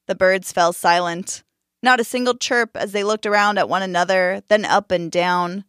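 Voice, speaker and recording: Calm woman reading a story. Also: mid-range voice, clear, resonant tone, dry recording, clean studio sound. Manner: calm, measured, expressive read. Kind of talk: scripted storybook narration.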